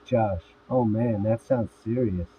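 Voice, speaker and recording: A man voicing a wry young man in jail, dry and sarcastic in a script reading. His voice sits fairly low, and the sound is narrow and phone-like with a faint hiss. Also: slow.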